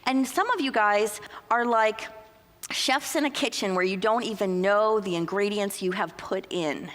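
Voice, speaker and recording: A woman speaking at a couples conference in a church hall, lively and acting out little quoted exchanges as she teaches. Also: medium pitch, unhurried. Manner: lively, uses acted-out quotes. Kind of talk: conference talk. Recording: long reverb of a large hall.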